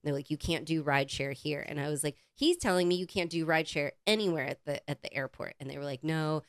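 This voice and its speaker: A woman co-hosting a podcast, telling a casual story in a lively, swearing, animated way and acting out the quotes. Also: deep voice, fast, no room sound. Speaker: podcast co-host.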